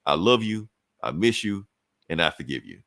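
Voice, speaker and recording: A man's voice: low-pitched, big pitch swings, normal speed, vocal fry, a bit bright, no echo, clean studio sound, pitched below the performer's own voice, full character voice. A man voicing a resentful grown son who grumbles and cusses, in a casual retelling. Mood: pleading.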